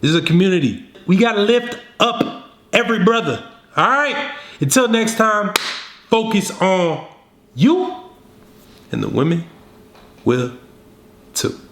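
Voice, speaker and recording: A man making a dating advice video, talking straight to the viewer in a slangy, scolding, animated way. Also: high-pitched, a little slow, pauses often, reverberant, slight background noise. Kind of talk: direct-to-camera coaching.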